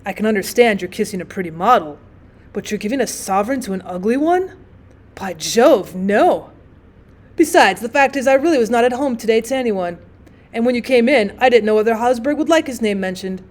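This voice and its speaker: A woman voicing a jovial young male painter who talks in a booming, emphatic way. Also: expressive, a little fast, close to an everyday voice.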